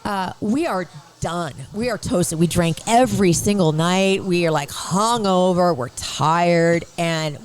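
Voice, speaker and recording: A woman's voice: on the low side, takes it slowly, hardly any pauses, low-quality recording. A woman in casual chat, self-deprecating and chatty. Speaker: radio host.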